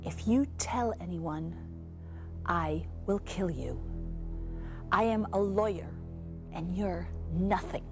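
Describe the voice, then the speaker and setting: A woman doing a controlling husband who speaks low and slow. He is menacing when he threatens and desperate when he pleads. It is a theatrical monologue voice. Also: expressive, music in the background. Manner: menacing, then begging and pleading. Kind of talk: stage monologue.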